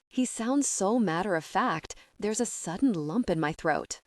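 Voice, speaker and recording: A woman reading a first-person romance audiobook in a soft, intimate, emotional way. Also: on the low side, animated, a little slow, few pauses, no echo, studio quality. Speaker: audiobook narrator. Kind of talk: first-person scripted narration.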